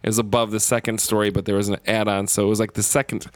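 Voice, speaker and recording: A man telling a story in casual podcast chat, animated and profane. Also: fairly low pitch, fast talker, no room sound.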